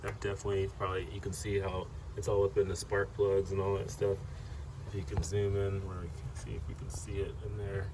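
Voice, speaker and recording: Deep-voiced easygoing man rambling. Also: little pitch movement, fairly quick, background noise. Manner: rambling, easygoing, lots of fillers. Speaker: car vlogger. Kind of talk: casual chat.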